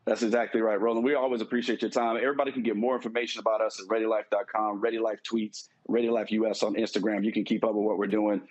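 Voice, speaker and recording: A male guest on a remote call, earnestly pitching his business. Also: flat delivery, fast talker, hardly any pauses, highs cut off. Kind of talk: promotional interview wrap-up.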